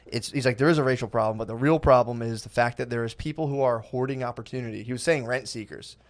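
A man's voice: medium pitch, fast talker. A man co-hosting in casual chat, rambling with profanity and acting out quotes in voices. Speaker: podcast co-host.

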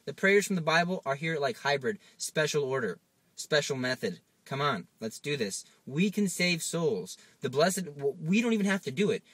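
A man's voice: a little high, sing-song, normal speed, a bit bright, dry recording. A man preaching an informal sermon, urging his listeners with urgent exhortation and little acted-out dialogues. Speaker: Catholic preacher.

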